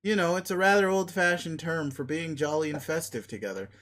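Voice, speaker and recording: A man reading aloud as an earnest, easily flustered young fellow who peppers his talk with old-timey exclamations. The voice sits a little high and close to the reader's own. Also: brisk, a bit bright, a little hiss or hum, lightly acted.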